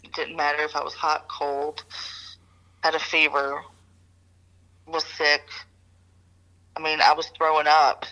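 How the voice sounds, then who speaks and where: A woman's voice: deep voice, level tone, measured pace, long pauses, pushed and bright, low-quality recording. A woman co-hosting an advice podcast, candidly telling personal stories in casual chat. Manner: candid storytelling. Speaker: podcast co-host.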